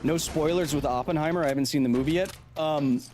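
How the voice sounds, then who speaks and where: A man's voice: on the high side, fast, a little mellow, a little hiss or hum. A man doing live gameplay commentary as a science streamer, reacting to the game and reading chat aloud.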